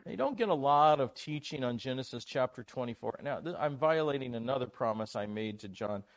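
A man delivers a conference sermon with a lively, swinging voice that climbs when he presses a point. He talks to the congregation in a casual, joking way. The recording is dry and close. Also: mid-range voice, brisk, no room sound. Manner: animated, conversational, jokes with the audience. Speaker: preacher.

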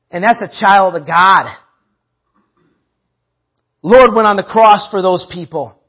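A man's voice: high voice, lo-fi sound. A man preaching a sermon, emphatic, repeating phrases and calling out to the church.

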